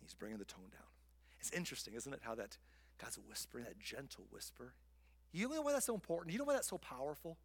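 A male pastor preaching a sermon, swinging from loud emphatic lines down to soft whispers. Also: mid-range voice, expressive, fast talker. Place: church sanctuary.

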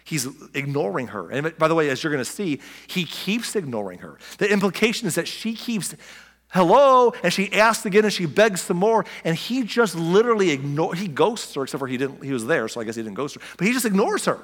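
A man preaching a sermon, his voice sitting a little high for a man. He talks in a plain, conversational way, asks rhetorical questions and turns straight to the listeners. The sound trails off in a long reverb, as in a large hall. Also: very animated, quick pace, few pauses. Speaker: pastor.

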